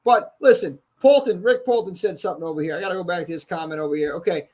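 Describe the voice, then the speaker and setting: A man with a Brooklyn New York accent hosting a casual live horror chat, animated and joking, swearing freely. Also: high voice, fast talker, a loud crowd. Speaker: podcast host.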